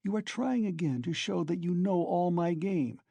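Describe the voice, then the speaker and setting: A man's voice: high-pitched, animated, moderate pace, gravelly, warm tone, no echo, heavily acted. A man doing a feverish, hunted young student. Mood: bitter. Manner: strained and defensive. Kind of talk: audiobook character reading.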